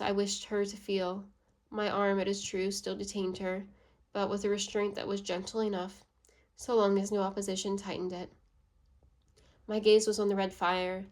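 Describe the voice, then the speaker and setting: A woman reads a classic novel aloud, her pitch held level with little rise and fall. The delivery is steady and measured, and the quoted dialogue gets only a slight lift rather than full character voices. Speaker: audiobook reader.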